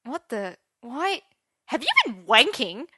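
A woman voicing a flustered young man who stammers and yelps in a high, loud voice. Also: sing-song, moderate pace, background noise. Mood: shocked. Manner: stammering, yelping. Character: flustered young man, shrill when shocked.

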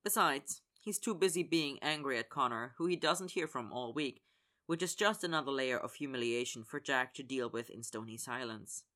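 In this fan fiction audiobook reading, the narrator voices each character's dialogue while telling the story. The voice is medium in pitch and sharp in tone, at a normal speed.

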